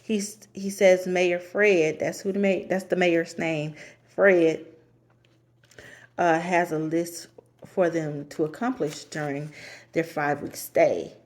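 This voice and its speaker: A woman talks through a TV episode recap in a low voice. She moves along slowly, restarting sentences and dropping in fillers. She laughs often as she goes. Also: fairly even intonation. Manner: rambling, many fillers and restarts; laughs often while talking. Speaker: show recap vlogger. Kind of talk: casual TV recap.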